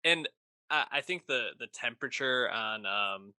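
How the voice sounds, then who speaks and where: Man, podcast co-host, casual chat, very sharp bright voice, enthusiastic, slangy, profane. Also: mid-range voice, expressive, a little slow, clear, resonant tone, no room sound.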